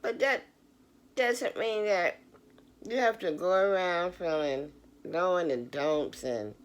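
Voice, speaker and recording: A woman's voice: on the low side, slow pace, dull audio. A middle-aged woman vlogger giving a casual, earnest motivational talk straight to her viewers. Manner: earnest, preachy, addresses the audience directly.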